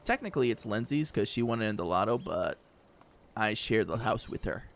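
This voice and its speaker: A man's voice: fairly low pitch, lively intonation, a little fast. A man chatting casually to his viewers while streaming a game, rambling with fillers and easy laughs. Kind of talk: casual gaming stream chat.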